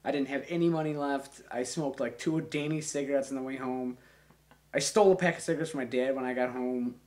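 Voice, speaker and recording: A young man tells a rambling, foul-mouthed story in a loose, casual way. His voice sits at an ordinary mid pitch. He gets animated as he tells it. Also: quick pace. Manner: rambling, profane, animated retelling.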